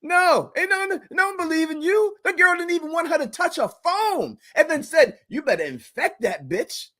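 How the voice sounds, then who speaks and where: A man's voice: normal speed, bright, forceful tone. A man in a casual TV recap chat, emphatic and ranting about the characters. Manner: emphatic, sweeping pitch.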